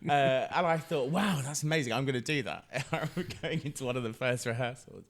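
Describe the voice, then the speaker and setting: A middle-aged man chatting as a podcast guest, animated, often laughing and restarting his sentences. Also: mid-range voice, fairly quick. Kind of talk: casual chat.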